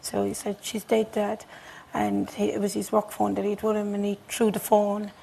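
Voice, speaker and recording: Irish woman guest on a TV studio couch, very gravelly voice and flat intonation, halting, breaks into whispers. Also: mid-range voice, a little hiss or hum, low-quality recording. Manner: halting, repeats herself, drops to near whispers. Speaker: bereaved mother, guest. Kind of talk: emotional interview recollection.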